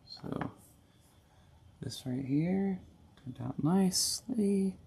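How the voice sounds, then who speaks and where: A man's voice: high voice, drawn-out words, gravelly, dark tone, husky. A middle-aged man hosting a casual hobby tutorial at home, chatty and rambling, often correcting himself mid-sentence. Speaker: host of a board gaming channel.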